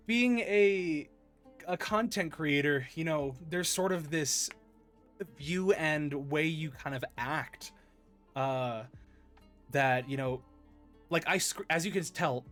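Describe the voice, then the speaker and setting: A man hosting a casual interview podcast, animated and excitable, laughing often. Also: a little high, slow pace, pauses often, faint music behind. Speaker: podcast host.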